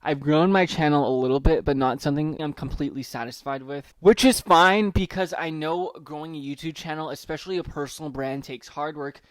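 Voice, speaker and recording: A man's voice: fairly high pitch, fairly quick, few pauses, no echo. A young man hosting a solo podcast intro, nervous and rambling, reading from a letter and swearing casually. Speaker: podcast host.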